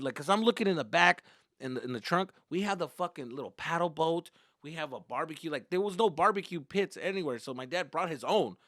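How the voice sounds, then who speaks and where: A man, a comedian, telling a childhood story in an animated, profane way, slipping into Spanish. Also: fairly high pitch, a little fast, dry recording, clean studio sound. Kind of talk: stand-up style storytelling.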